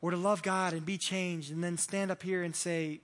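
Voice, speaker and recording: A man's voice: high voice, level tone, normal speed, a bit bright. A man preaching a sermon as pastor, earnest and repeating words as he builds his points.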